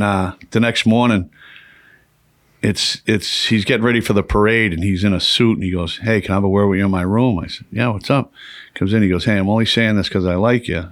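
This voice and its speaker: A man hosts a casual podcast, spinning a long anecdote with plenty of swearing and laughter. His voice sits on the low side. The sound is dry and close, with little room around it. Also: no room sound. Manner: profane, rambling, laughs often. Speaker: podcast host. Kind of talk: casual storytelling.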